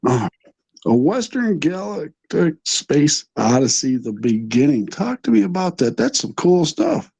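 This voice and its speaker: Slow, husky-voiced male interview host. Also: fairly high pitch, sing-song, a little mellow, rough recording. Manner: laid-back, laughs often, short reactions. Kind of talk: casual interview chat.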